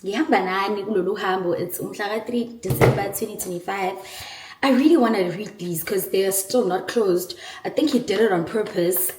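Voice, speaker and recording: A young South African woman vlogging casually, excitable and emotional and quick to laugh. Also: medium pitch, background noise. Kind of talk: casual vlog, switching between English and isiZulu. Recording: echoey room, far from the mic.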